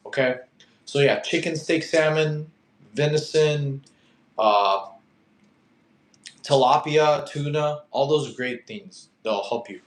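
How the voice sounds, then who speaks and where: A young man chatting loosely on a fitness livestream, his voice sitting a bit higher than most. He tells stories with animated energy and peppers them with bro and dude. The sound bounces around an echoey room. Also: slow pace, pauses often. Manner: animated storyteller, slangy, says bro and dude. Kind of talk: casual livestream chat answering viewer questions.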